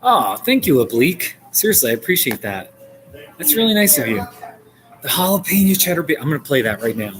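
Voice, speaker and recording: A man in his forties, from the United States, chatting casually on a live stream and answering viewers' comments. He laughs often and his voice jumps up when he gets excited. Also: fairly high pitch, brisk, crowd noise, rough recording. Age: 40s.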